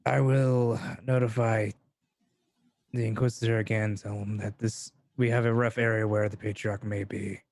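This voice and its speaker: A man playing a tabletop role-playing game, talking through plans slowly and deliberately. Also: fairly low pitch, level tone, a little mellow, dry recording, studio quality. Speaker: player.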